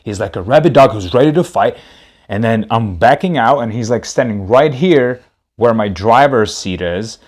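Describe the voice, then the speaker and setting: Rambling comedic storyteller, a man with a very expressive, up-and-down delivery. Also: mid-range voice, normal speed. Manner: rambling, animated, repeats himself. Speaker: comedy podcast host.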